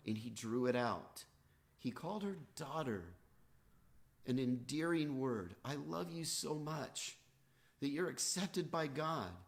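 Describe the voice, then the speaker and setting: A man preaching a sermon as pastor, earnest, with rising and falling emphasis. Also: mid-range voice. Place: church, livestreamed.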